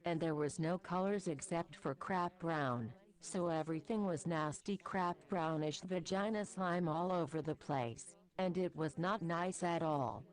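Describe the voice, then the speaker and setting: A woman's voice: fairly low pitch, a little slow, hardly any pauses. A woman reading a crude comic story aloud in a matter-of-fact way. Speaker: story reader.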